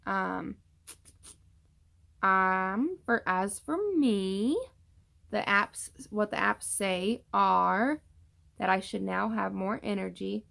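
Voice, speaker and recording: A woman's voice: mid-range voice, slow, vocal fry, long pauses, a bit bright. A young woman casually chatting through a pregnancy update vlog, rambling with many fillers and tired from yawning. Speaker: vlogger.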